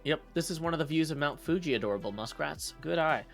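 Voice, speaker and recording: A man's voice: fairly high pitch, expressive, fast, vocal fry, a bit bright. A man streaming live, chatting casually and reading out viewer messages. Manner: chatty, reads out viewer messages and thanks tippers. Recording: faint music behind.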